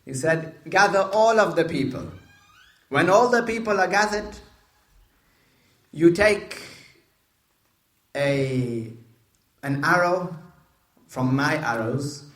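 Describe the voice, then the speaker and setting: A man's voice: on the high side, lively intonation, takes it slowly, pauses often, fairly bright tone. Man retelling a religious story in an echoey room. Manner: repeats phrases and explains Arabic terms; asks listeners questions. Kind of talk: retelling a hadith story to listeners. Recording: roomy echo.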